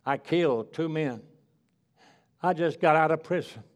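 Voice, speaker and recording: A man's voice: fairly high pitch, unhurried, close to an everyday voice. A man preaching, voicing an older ex-convict man who speaks bluntly and bitterly.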